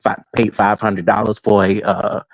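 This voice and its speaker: Low-voiced man on dull call audio. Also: level tone, moderate pace, creaky, no room sound. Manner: storytelling, laughs easily. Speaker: podcast guest. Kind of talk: casual podcast chat.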